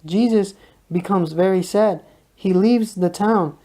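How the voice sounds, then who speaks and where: Calm, mellow reader of spiritual teachings. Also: mid-range voice, takes it slowly. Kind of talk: read spiritual talk.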